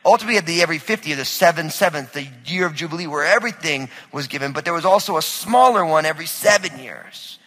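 A man's voice: a little high, expressive, fast, few pauses, sharp tone, long reverb tail, rough recording. A male pastor giving a sermon in a conversational style, often asking the congregation questions. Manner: conversational, asks the audience questions.

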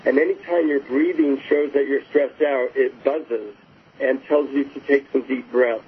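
A man's voice: medium pitch, fairly even intonation, normal speed. Man guest on a tinny phone line. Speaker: guest author. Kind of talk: casual interview talk. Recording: phone-like line with faint hiss.

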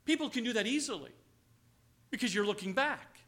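A man preaching a sermon as pastor, swinging from loud, emphatic lines to hushed, low passages and slowing to stress key words. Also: lively intonation. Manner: acts out quoted voices, slows on key words.

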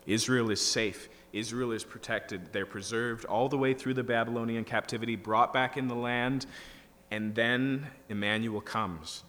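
A pastor explaining scripture line by line, building to emphatic bursts. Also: male voice, mid-range voice, steady tone, moderate pace, fairly bright tone. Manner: teaching, rising to emphatic bursts. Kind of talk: expository sermon. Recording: reverberant hall with faint hum.

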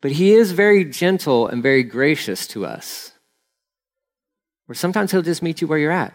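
A man's voice: fairly high pitch, sing-song, normal speed. A man preaching a conversational sermon as a pastor, earnest and casual, often saying "like" and briefly acting out the people he quotes.

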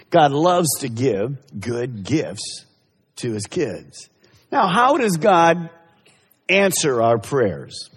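A man's voice: medium pitch, slightly rough. A male pastor preaching a sermon in an emphatic way, repeating key phrases and speaking straight to the congregation. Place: church service. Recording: echoey hall reverb.

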